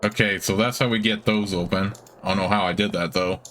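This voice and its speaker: Casting: let's play host, low voice, steady reader with casual asides, man. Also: fairly quick, slight background noise. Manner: steady reading mixed with offhand asides. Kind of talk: reading game text aloud with casual commentary.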